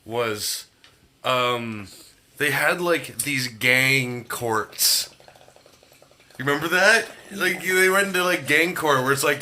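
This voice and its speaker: A man's voice: medium pitch, lively intonation, a little slow, pushed and bright, a little hiss or hum. A man co-hosting a podcast in casual chat, rambling and laughing often. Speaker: podcast co-host.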